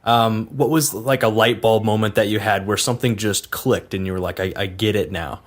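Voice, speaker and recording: A man's voice: on the low side, steady tone, a little fast. A man hosting a casual interview, reacting briefly and asking questions in a laid-back way. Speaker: podcast host.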